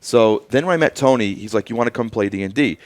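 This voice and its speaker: A man's voice: mid-range voice, animated, fast talker. A man hosting a podcast, telling a story in casual chat with lots of fillers and restarts, acting out what people said. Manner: rambling, acts out quoted dialogue with many fillers. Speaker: podcast host.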